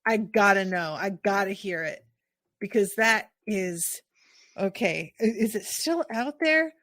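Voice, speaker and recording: A woman from the United States hosting a casual podcast chat, talking in an animated, expressive way with quick asides. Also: mid-range voice, no room sound, studio quality. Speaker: podcast host.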